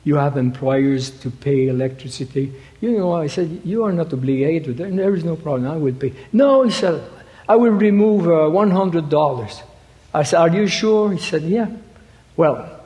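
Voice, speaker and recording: Male preacher. Halting, stop-start delivery with emphatic peaks. Slightly raised pitch, echoing hall. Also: warm tone. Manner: halting, repeats words, rises to emphatic quoting. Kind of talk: sermon. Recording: reverberant hall.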